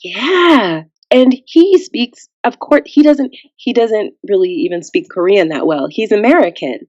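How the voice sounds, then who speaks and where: A woman's voice: medium pitch, a little slow, no echo, dull audio. A woman guest on a podcast, chatting casually and acting out the people in her story. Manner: animated storyteller who acts out quotes.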